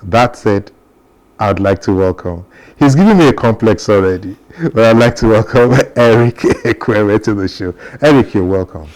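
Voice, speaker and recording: A man's voice: lowish voice, moderate pace, darkish tone. A man hosting a morning TV show, chatty and playful as he interviews a guest. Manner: chatty, playful, laughs often. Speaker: TV talk show host.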